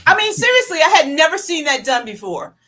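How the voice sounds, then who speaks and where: A woman's voice: high voice, big pitch swings, a little fast, pushed and bright. A woman from New York with a New York accent, co-hosting a casual sports talk show, telling stories chattily with frequent laughs and repeated coughing. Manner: chatty storyteller, laughs often. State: coughing, throat irritated. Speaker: co-host.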